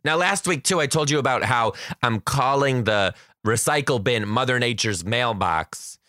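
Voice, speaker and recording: Upbeat, bright-voiced male podcast host. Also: mid-range voice, expressive, moderate pace, dry recording, clean studio sound. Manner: upbeat, chatty, playful. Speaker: podcast host and kindergarten teacher. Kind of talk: casual solo podcast chat.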